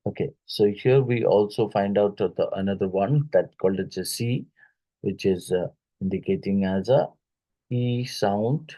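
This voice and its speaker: Man, Indian English accent, phonetics teacher, fairly low voice, dark mellow tone, halting delivery with fillers. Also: rough recording. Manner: halting, many fillers, repeats words slowly to model pronunciation. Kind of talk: exam-prep phonetics lecture.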